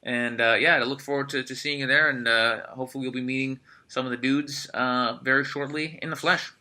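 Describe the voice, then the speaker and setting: A man hosting a podcast in casual chat, energetic and swearing freely, with lots of fillers like "uh". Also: mid-range voice, brisk. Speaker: podcast host.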